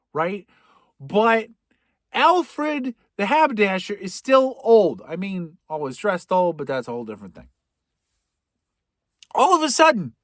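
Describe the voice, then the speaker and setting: A man recapping a film plot for comedy, rambling and sarcastic, with sudden loud outbursts and whispered asides. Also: high voice, no echo, clean studio sound. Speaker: podcast host.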